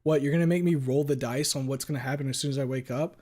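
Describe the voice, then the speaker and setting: A man's voice: medium pitch, fairly even intonation, quick pace, darkish tone. A man streaming live and chatting casually with his viewers in a rambling, crude way, swearing a lot and talking back to chat.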